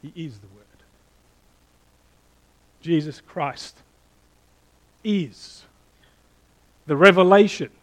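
A middle-aged man preaching a sermon, animated and playful, quizzing the congregation and then dropping to a hushed tone for emphasis. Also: a little high, extremely slow, long pauses, low-quality recording. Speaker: pastor.

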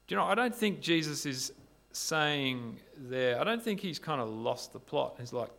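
A man preaching a sermon, retelling a story in an animated way and asking rhetorical questions. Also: medium pitch, moderate pace, gravelly. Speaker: pastor.

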